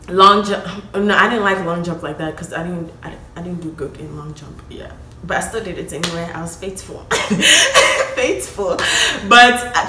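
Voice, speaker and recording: Chatty young woman vlogger, bright voice. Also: mid-range voice. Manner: chatty, addresses viewers as y'all, emotional. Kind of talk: casual storytelling to camera. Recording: echoey room with faint ambience.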